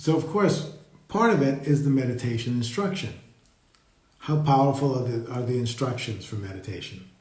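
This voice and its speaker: A man leading a live meditation talk, speaking slowly and reflectively and greeting viewers as they join. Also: mid-range voice, lively intonation, darkish tone. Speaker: meditation teacher. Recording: roomy echo.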